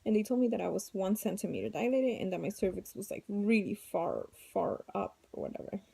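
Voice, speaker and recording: A woman's voice: medium pitch, lively intonation, brisk, gravelly, mellow, breathy edge. A young woman vlogging at home, chattily retelling a story with lots of "like" and "blah, blah". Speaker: mom vlogger. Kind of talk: casual storytime vlog. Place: at home with her kids nearby.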